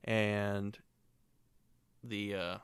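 A man's voice: on the low side, flat delivery, very slow, smooth, no room sound. A man co-hosting a casual podcast, telling stories and tossing in dry, matter-of-fact quips. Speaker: podcast co-host. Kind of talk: casual chat.

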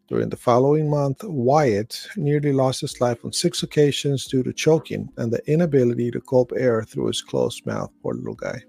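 Host, middle-aged man, dark gravelly voice, dry close mic, casual read-aloud with asides. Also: medium pitch, dry recording. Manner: reads aloud with slips and restarts, adds asides. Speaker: host reading and reacting to stories.

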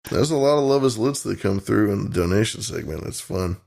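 A man's voice: on the low side, expressive, brisk, vocal fry, darkish tone. A young man co-hosting a podcast, laid-back and joking in casual chat. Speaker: podcast co-host.

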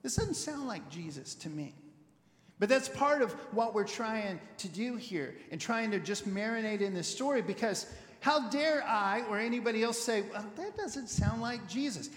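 A male pastor giving a conversational sermon as an animated storyteller who repeats words while he thinks. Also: sits high, moderate pace. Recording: echoey hall with long reverb.

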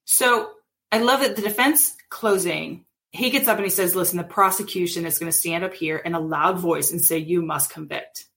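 A woman's voice: on the low side, moderate pace. A woman in her thirties or forties co-hosting a casual true-crime podcast, retelling events and acting out quotes with animation. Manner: animated storytelling, acts out quotes. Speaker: podcast co-host.

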